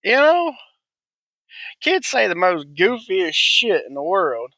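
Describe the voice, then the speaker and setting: A man's voice: high-pitched, very animated, unhurried, pushed and bright, no echo, lo-fi sound. A man, hosting a profane, blunt, rambling monologue. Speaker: podcast host. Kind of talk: ranting monologue.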